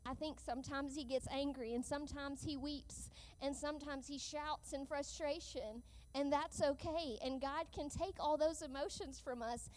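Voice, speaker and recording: A woman preaching a sermon with an earnest, measured delivery, slowing down for emphatic lines. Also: sits high, fairly even intonation, a little mellow.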